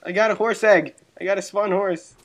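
A gaming channel host with a high voice gives casual let's-play commentary at a normal speed, excitably yelping and laughing at the game. There's a little hiss or hum in the recording.

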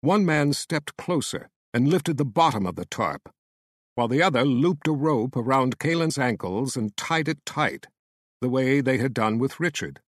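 A man narrating a fantasy audiobook with measured, dramatic storytelling. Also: mid-range voice, lively intonation, dry recording, clean studio sound.

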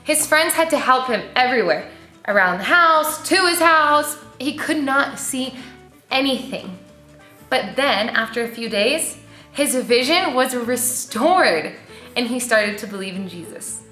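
High, lively young woman teaching preschoolers. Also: unhurried. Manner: animated, sing-song, asks the kids questions. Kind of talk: children's Bible lesson. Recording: roomy echo with faint music.

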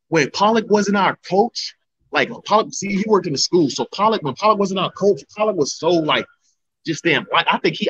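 Young male fighter guest, quick animated storyteller, slightly high voice. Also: highs cut off. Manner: animated storyteller, acts out his coaches' lines. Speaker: MMA heavyweight fighter, guest. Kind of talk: casual storytelling interview.

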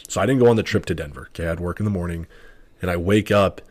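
This deep, darkish voice races along in a dry recording. It belongs to a man in his twenties who is a podcast guest, spinning a loose, self-correcting story and voicing everyone involved as he quotes them.

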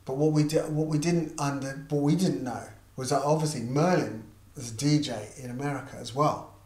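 A man's voice: medium pitch, brisk. A middle-aged man telling an anecdote in an interview, acting out the voices of the people in it. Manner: animated, acts out quoted voices. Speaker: interviewed musician and artist manager. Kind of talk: casual anecdotal storytelling. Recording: roomy echo, faint background noise.

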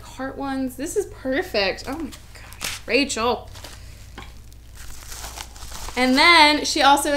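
A young woman vlogging as she opens fan mail, bubbly and gushing, full of excited little asides. Her voice sits a bit high for a woman. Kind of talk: casual mail-opening vlog.

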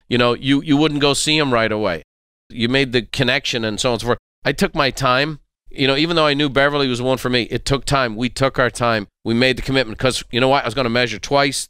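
Bright, crisp man hosting an interview. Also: mid-range voice, no room sound, studio quality. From Ireland. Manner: animated anecdotes with laughs and acted-out quotes. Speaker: podcast host. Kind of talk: conversational interview storytelling.

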